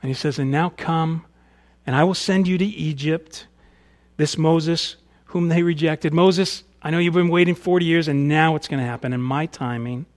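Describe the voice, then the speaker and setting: Male pastor, slightly high voice, conversational sermon delivery with casual asides. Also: fairly even intonation, normal speed. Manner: conversational preaching, varies loudness, slips into casual paraphrase.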